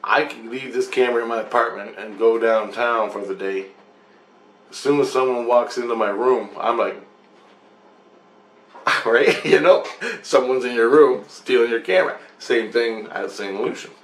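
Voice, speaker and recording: A man's voice: medium pitch, moderate pace, reverberant. Man rambling through a dream story. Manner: rambling, profane, animated retelling with laughs. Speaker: vlogger telling a dream. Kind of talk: casual storytelling. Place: his apartment. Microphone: camera mic.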